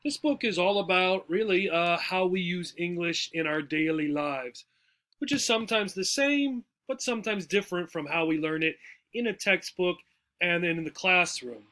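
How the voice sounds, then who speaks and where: A man's voice: sits high, normal speed, pushed and bright. A man teaching English, walking through a textbook dialogue in a chatty way and often checking in with "right?" and "okay?".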